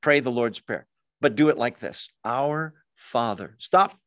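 A man's voice: medium pitch, expressive, moderate pace, fairly bright tone, no room sound. A man teaching a Bible study as pastor, in a conversational style, often asking questions and acting out short quoted prayers. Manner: informal, asks questions, acts out quoted prayers.

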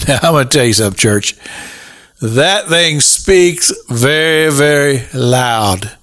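A man preaching a slow, emphatic radio sermon that rises to fervent peaks. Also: medium pitch, animated, fairly bright tone.

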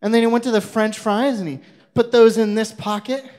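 A man with a fairly high voice tells a children's sermon story. He is animated and expressive and keeps turning to his young listeners with questions. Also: brisk. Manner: animated, asks the audience questions.

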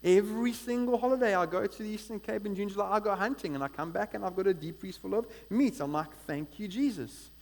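A man preaching a sermon in an energetic, conversational way, often checking in with the congregation. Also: high voice, fast talker, creaky, hardly any pauses. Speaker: pastor.

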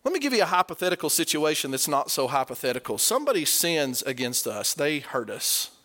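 Bright high-voiced male preacher. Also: a little fast. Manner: animated preaching, rising to emphatic peaks. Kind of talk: sermon.

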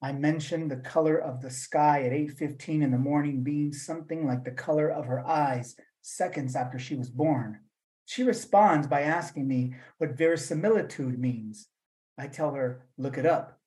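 A man's voice: on the high side, warm tone, rough recording. Man reading his poems over a video call. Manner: measured reading, then loose rambling talk with fillers. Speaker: poet reading his work. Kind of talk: poetry reading and talk at a virtual event.

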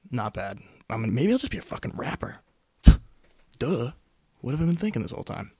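A man's voice: mid-range voice, very animated, moderate pace, long pauses, mellow, slightly rough, dry recording. A young man hosting a solo podcast in a casual, rambling, self-mocking way, close to the mic. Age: young adult. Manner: rambling, self-mocking, jokey, with sudden whispers and put-on voices. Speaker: podcast host. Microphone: studio mic close up.

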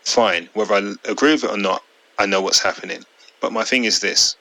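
A blunt, opinionated man co-hosts a casual football podcast and swears freely. His voice is rather low but strikingly bright and forceful. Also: a little fast, gravelly, no room sound, rough recording. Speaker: podcast co-host.

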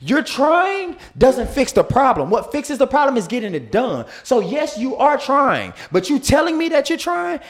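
A man's voice: very high-pitched, wildly swooping pitch, normal speed, few pauses. A man in a casual group debate, lecturing with examples and insisting that the others hear him out. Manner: insistent, keeps cutting in to be heard.

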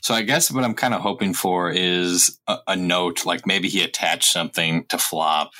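A man's voice: sits low, fairly even intonation, moderate pace, pushed and bright. A man playing a tabletop game, easygoing and thinking aloud about his next move. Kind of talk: casual game talk.

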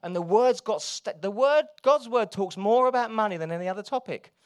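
Male preacher, sermon delivery, lively pitch, quiet asides building to loud urging. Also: fairly quick, smooth. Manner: swings from soft confiding asides to loud urgent exhortation. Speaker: pastor.

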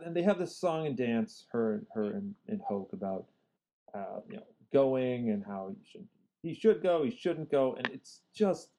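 A woman's voice: very deep voice, dark tone. A woman co-hosting a casual movie review chat, repeating words as she builds her points. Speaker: podcast co-host.

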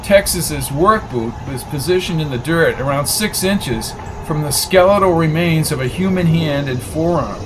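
A man narrating an audiobook in an even, measured scripted reading. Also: a little high, background noise.

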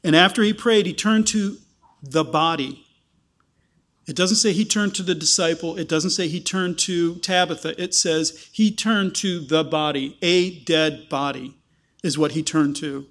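A man preaching a sermon, explaining a passage and acting out the people in it with lively quoted voices. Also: fairly high pitch, measured pace. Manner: animated, acts out quoted voices.

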